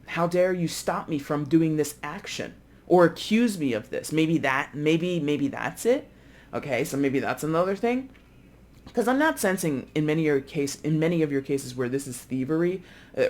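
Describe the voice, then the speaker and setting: This voice sits at a medium pitch and sounds slightly mellow. A tarot reader talks casually to the camera, chatty and loose, often acting out what imagined people might say, with plenty of fillers and self-corrections.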